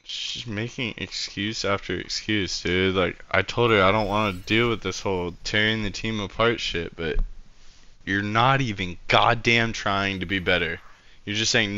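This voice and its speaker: A man's voice: lowish voice, fairly even intonation, measured pace, bright, forceful tone, highs cut off. A young man streaming, reviewing a match replay in casual commentary, blunt and frustrated, swearing freely.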